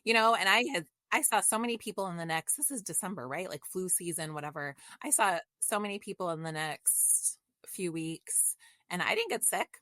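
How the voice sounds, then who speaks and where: A woman's voice: on the low side, moderate pace, pushed and bright, no echo, clean studio sound. A middle-aged woman, a podcast guest, telling a personal story in an open, reflective and emotional way in casual conversation.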